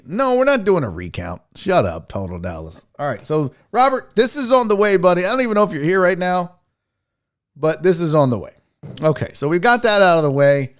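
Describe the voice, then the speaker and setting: A man hosting a sports talk livestream, chatting casually and profanely while teasing his chat. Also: sits high. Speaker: sports show host.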